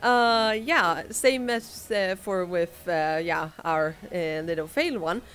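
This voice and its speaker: A woman running a tabletop game as game master, talking in a halting way with many fillers and frequent laughter. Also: on the low side, a bit bright.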